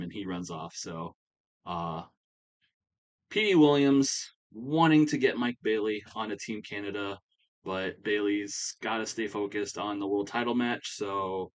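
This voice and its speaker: A man's voice: lowish voice, measured pace. A man casually recapping a wrestling management game, rambling with plenty of fillers. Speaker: game commentator. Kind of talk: comedic play-by-play of a wrestling sim game.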